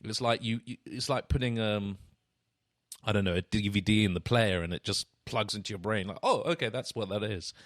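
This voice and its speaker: A man's voice: fairly low pitch, fairly even intonation, fairly quick, fairly bright tone, no room sound, studio quality. A man hosting an interview podcast, chatting eagerly and stumbling over repeated words as he asks questions. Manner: enthusiastic, stammering restarts. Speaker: podcast host. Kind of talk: casual interview chat.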